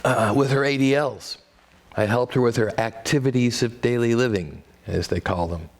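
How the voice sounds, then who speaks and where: A man with a Midwestern American accent performing a one-man stage monologue, with wry, self-deprecating dad-joke humor and pitch that jumps for comic emphasis. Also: normal speed.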